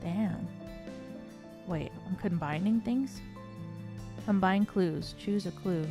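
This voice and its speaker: A woman streamer giving casual, playful game commentary with excitable reactions, on a desk mic. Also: on the low side, takes it slowly, music in the background. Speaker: VTuber streamer.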